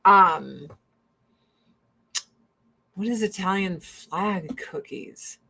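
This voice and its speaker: A woman hosting a casual chat tells family stories packed with swearing, doing her relatives' voices as she quotes them. Her voice is fairly low, gravelly, and slightly rough, with drawn-out words.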